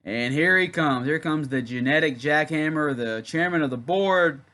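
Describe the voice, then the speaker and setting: Bright, excitable man calling wrestling. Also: fairly high pitch, moderate pace. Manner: loud counting and shouting during big moments, chatty asides. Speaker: host of a wrestling watchalong. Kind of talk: excited live play-by-play commentary.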